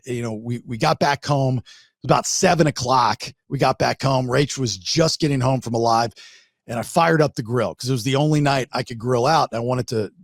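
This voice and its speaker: A middle-aged man hosting a podcast, telling a fishing story in a casual, animated way with many restarts. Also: mid-range voice, creaky, dry recording. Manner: animated, restarts a lot, acts out shark growls. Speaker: podcast host.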